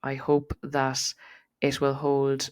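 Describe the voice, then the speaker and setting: Low, flat-voiced Irish woman. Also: takes it slowly, clean tone. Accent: neutral Irish. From Ireland. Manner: chatty, frequent ums and likes. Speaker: podcast host and coach. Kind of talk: solo podcast talk.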